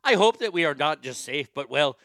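A man's voice: on the high side, lively intonation, fairly bright tone, no room sound. A man putting on an Indian accent that slips toward Irish, voicing an earnest person reading a plea for acceptance. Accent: put-on Indian accent slipping toward Irish. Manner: earnest, solemn, measured.

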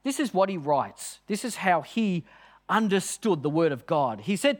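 Lively, high-voiced male preacher. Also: normal speed. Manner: earnest, emphatic preaching with quoted readings. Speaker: pastor. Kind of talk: sermon.

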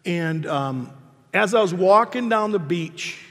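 A man's voice: high voice, lively intonation, slow pace, fairly bright tone. A man in his sixties, a pastor preaching a sermon in a conversational, self-deprecating storytelling way. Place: church hall. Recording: long reverb of a hall.

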